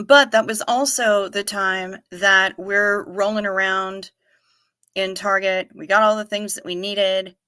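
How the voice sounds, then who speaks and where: A woman's voice: mid-range voice, bright, forceful tone, no room sound, clean studio sound. A woman hosting a casual livestream, chatting and answering viewer comments in a rambling, profane way full of stammered restarts. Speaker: livestream host. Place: home, livestream without camera.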